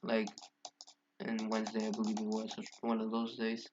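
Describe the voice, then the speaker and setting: A man's voice: fairly low pitch, monotone, moderate pace. Brief: male vlogger, casual profane story time, rambling with constant fillers, dull lo-fi mic with faint hiss.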